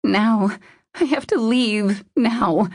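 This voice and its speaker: A woman's voice: fairly high pitch, takes it slowly, husky, dry recording, studio quality, voice pushed up, exaggerated voice. A woman reading the lines of a frightened young woman in the midst of a panic attack, breathless and pleading. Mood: panicked.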